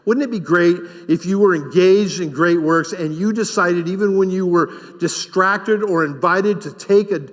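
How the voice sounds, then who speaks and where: A man's voice: high voice, fairly bright tone. A man preaching a sermon as pastor, emphatic and repeating key phrases for stress. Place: church sanctuary. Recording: long reverb of a church hall.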